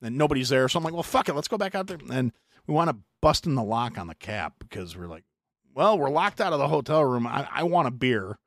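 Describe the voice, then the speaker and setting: A middle-aged American man hosting a podcast, telling a long story in a profane, animated way with mock voices. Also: mid-range voice, fast, no echo, clean studio sound. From United States. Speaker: podcast host. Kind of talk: casual storytelling chat.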